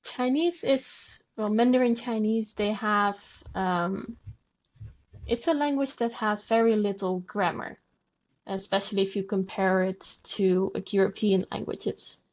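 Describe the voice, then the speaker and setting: A woman's voice: mid-range voice, fairly even intonation, unhurried, darkish tone. A woman guest on a podcast, patiently explaining language and demonstrating sounds aloud. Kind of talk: conversational explanation.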